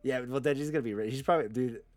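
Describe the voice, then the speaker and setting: A man's voice: mid-range voice, rapid-fire, darkish tone. A man co-hosting a casual manga chapter review, loose and profane, acting out characters in quoted lines. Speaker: podcast co-host.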